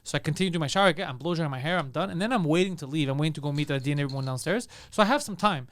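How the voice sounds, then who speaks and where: A man with a high voice races through a comic story on a podcast. He curses freely and keeps acting out the people he met, raising his voice for each of them. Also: fairly bright tone. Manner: rapid, swearing, acts out people in his story with raised voice. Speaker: comedian telling a story.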